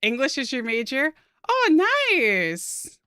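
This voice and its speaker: A young American woman streaming while she draws, chatting casually with her viewers in a soft-spoken, giggly way. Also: a little high, huge pitch swings, slow, smooth, dry recording, clean studio sound. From United States.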